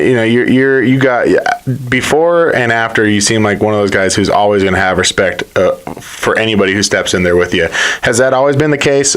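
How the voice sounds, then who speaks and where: A man hosting an interview podcast, asking friendly, encouraging questions with some halting restarts. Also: lowish voice, a bit bright, clean tone. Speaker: podcast host. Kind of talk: casual interview.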